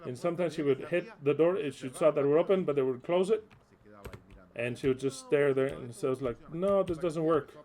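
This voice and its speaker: Candid, animated male preacher. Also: fairly high pitch, a little fast. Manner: animated and candid, with coarse language and frequent restarts. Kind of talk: informal sermon storytelling.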